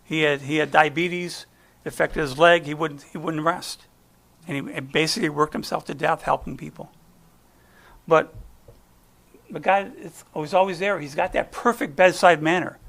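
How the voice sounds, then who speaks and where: Gravelly, bright-voiced folksy preacher man. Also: fairly high pitch, steady tone, normal speed. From United States. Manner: chatty and folksy, trailing off and restarting. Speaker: guest speaker. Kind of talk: conversational sermon with personal stories.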